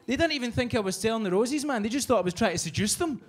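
Racing along with an extremely high pitch and lively intonation, a comedian from Scotland works a small bar's live crowd. His set is profane, built around a story in which he performs the different voices.

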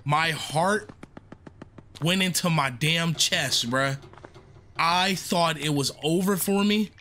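A young male streamer talks through a horror game in loose slang, jumpy and exclaiming. His voice is fairly high and bright with a tense edge. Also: slow, a little hiss or hum. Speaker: gaming streamer. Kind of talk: casual let's-play commentary.

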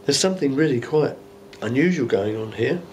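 A man's voice: mid-range voice, expressive, a little fast, darkish tone, a little hiss or hum. A man, a bishop, preaching an informal Bible teaching sermon in a church, musing aloud with conversational rhetorical asides.

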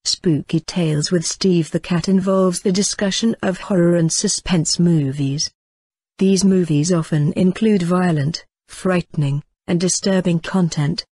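Announcer: man with a husky voice reading a scripted warning, dry and close. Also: sits high, fairly even intonation, a little slow, darkish tone, no echo.

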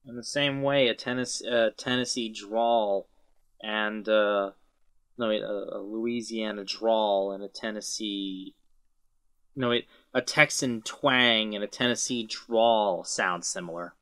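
A man's voice: lowish voice, fairly even intonation, slow, a bit bright, dry recording, clean studio sound. A man co-hosting a podcast in casual chat, an enthusiastic fan who rambles and corrects himself mid-sentence. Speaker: podcast co-host.

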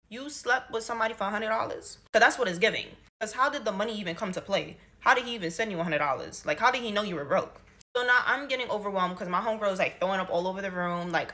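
Bright-voiced young woman telling a story. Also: mid-range voice. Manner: animated, exasperated, slangy storytelling. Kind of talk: casual storytime monologue.

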